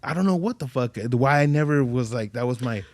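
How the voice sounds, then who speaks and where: A man's voice: medium pitch, animated, a little fast, no echo. A man as a podcast guest telling stories in casual chat, swearing a lot, rambling, and acting out the voices of people he quotes.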